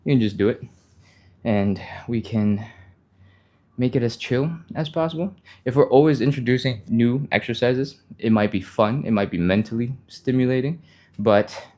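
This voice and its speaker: Fast-talking low-voiced male stretching coach. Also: darkish tone. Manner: talks fast, upbeat, laughs often. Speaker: stretching instructor and live-stream host. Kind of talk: live workout instruction.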